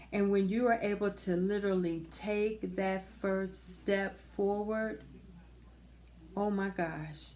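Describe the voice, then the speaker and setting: Woman host, unhurried, soothing and heartfelt, encouraging her viewers. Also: medium pitch, a little mellow.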